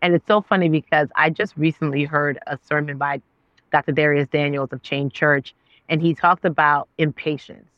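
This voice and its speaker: Animated woman telling a story, dry dull sound. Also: normal speed, no room sound. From Nigerian family. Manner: expressive, acts out her own past words with big pitch jumps. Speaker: guest, actress and author.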